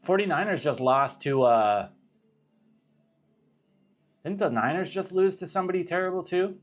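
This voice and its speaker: On his livestream, a young man from Arizona, USA, fields viewer questions in a rambling, profane manner, frequently stopping himself mid-sentence. He has a high-sitting, expressive voice and talks at a moderate pace.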